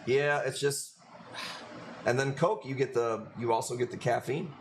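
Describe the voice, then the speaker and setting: A man from Chicago with a Chicago accent rambles through a live sales stream. His voice sits at an ordinary middle pitch, and he talks loosely and casually with frequent swearing. A faint hum runs under his voice. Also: moderate pace. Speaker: livestream coral seller. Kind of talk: casual livestream chat.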